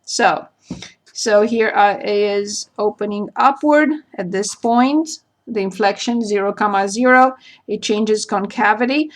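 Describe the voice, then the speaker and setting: A woman math teacher giving a recorded calculus lecture, slowly spelling out each point and step as she works through a graph. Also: mid-range voice.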